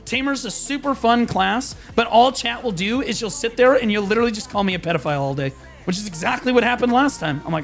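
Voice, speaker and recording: A man's voice: very high voice, expressive, quick pace, vocal fry, faint music behind. A young man streaming a game, ranting in a frustrated, profane, rambling way with many restarts. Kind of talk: live-stream rant.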